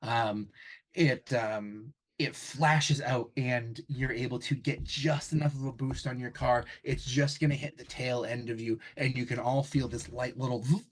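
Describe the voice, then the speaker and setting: A man narrating as game master of a tabletop game, halting often with ums and restarts. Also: mid-range voice, fairly even intonation, low-quality recording.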